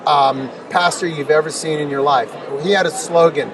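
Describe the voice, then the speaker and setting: Captured on a noisy, distant mic, this middle-aged man is a guest in a conversational interview, recounting personal stories. His voice is on the high side, even in tone and moderate in pace, and he stresses his points by repeating words and piling up rhetorical questions.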